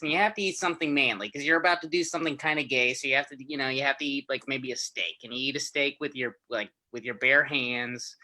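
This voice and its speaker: Bright-voiced halting stand-up comedian man. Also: mid-range voice, poor audio. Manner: halting, self-amused delivery with frequent restarts.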